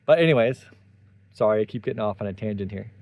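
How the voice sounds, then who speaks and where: A man's voice: lowish voice, expressive, quick pace, dry recording, lo-fi sound. A man hosting a solo tech commentary, talking animatedly with sarcastic asides and tangents. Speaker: tech commentary channel host.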